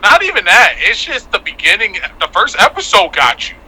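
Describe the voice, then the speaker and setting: A man's voice: high voice, huge pitch swings, moderate pace, sharp tone, breathy edge, low-quality recording. A man who is a guest on a casual podcast, talking emphatically, laughing, and repeating himself for stress.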